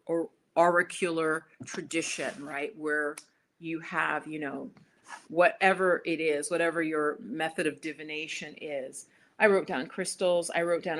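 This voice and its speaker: A woman hosting a spiritual talk, chatting casually with live viewers and acting out little conversations as she tells a story. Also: on the low side. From United States. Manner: chatty and animated, acts out quoted exchanges. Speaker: spiritual video host.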